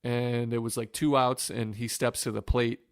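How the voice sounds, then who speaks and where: Gravelly, smooth-voiced man telling stories. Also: medium pitch, little pitch movement, moderate pace, no echo, studio quality. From Northwest Ohio. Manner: emotional, reflective storytelling with many fillers and restarts. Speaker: guest, former pro pitcher. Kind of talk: storytelling in a podcast interview.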